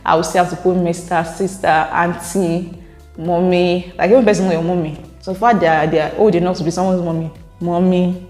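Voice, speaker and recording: A woman's voice: fairly low pitch, flat delivery, brisk, a little mellow, soft background music. A woman with a Nigerian accent, chatting casually as a vlogger and often laughing between points. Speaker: vlogger reacting to viewer comments. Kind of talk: casual chat. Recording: roomy echo with long reverb.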